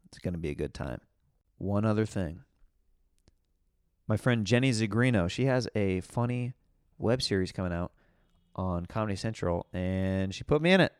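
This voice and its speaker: A man's voice: fairly low pitch, expressive, moderate pace, long pauses, smooth, no echo, clean studio sound. A man hosting his podcast in a casual, rambling, upbeat way, laughing often. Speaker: podcast host. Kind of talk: casual solo podcast chat.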